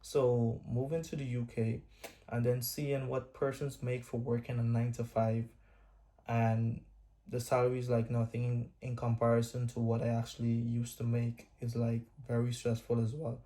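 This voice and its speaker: A man in his twenties telling his own life story in a vlog, speaking in a measured, reflective way with pauses. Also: mid-range voice, mellow. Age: 20s. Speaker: vlogger. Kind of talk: personal storytime monologue.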